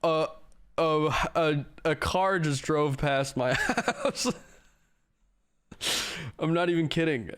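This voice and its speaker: Slow, clear-voiced joking male streamer. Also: a little high, a bit bright. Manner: joking, profane, self-mocking. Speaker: livestreamer. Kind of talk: casual livestream chat answering viewers.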